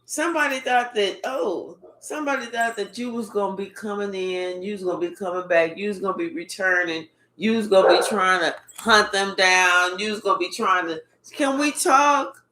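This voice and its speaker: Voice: medium pitch, a little fast, hardly any pauses, pushed and bright, slight background noise. A spiritual reader giving a casual reading in a blunt, profane, repetitive way. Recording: echoey room.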